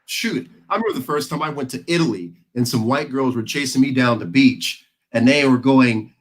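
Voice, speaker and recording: A man's voice: medium pitch, moderate pace, poor audio. An American man on a discussion panel, talking casually and emphatically, telling stories to make his points. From United States. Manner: storytelling, emphatic.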